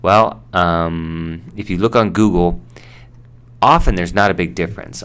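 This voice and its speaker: An American man teaching English vocabulary in a relaxed, chatty way, with fillers and asides. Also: deep voice, moderate pace, clean tone. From United States. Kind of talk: casual explanation.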